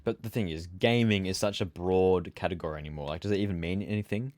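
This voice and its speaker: Sleepy low-voiced male streamer. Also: fast talker, darkish tone. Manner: rambling, tired, trailing off into mumbles. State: sleepy, yawning. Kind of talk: casual gameplay chat.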